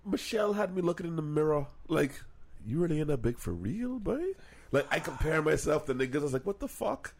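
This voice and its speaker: A young man co-hosting a podcast, telling stories in a profane, animated way and putting on voices for the people he quotes. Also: on the high side, a little fast, a little hiss or hum. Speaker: podcast co-host. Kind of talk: casual podcast banter.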